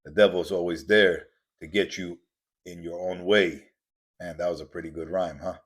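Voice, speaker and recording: This podcast host speaks a little fast in a low-pitched, husky voice. His motivational monologue is intense and preachy, heavy on repetition, and he acts out the voices he quotes.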